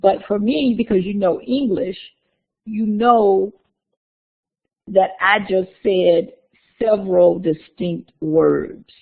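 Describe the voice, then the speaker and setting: A woman lecturer with a mid-range, gravelly voice walks her class through the material in a classroom. She talks in an explanatory way, with fillers and small self-corrections. The recording sounds tinny and narrow, like a phone line. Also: medium pitch, slow pace. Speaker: university lecturer.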